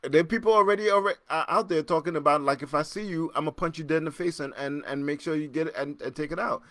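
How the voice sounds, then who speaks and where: A man hosting a casual solo podcast, joking and laughing as he reacts to listener comments, jumping between loud excited bursts and low muttering. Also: quick pace, no room sound. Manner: animated, joking, laughs often, repeats himself. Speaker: podcast host.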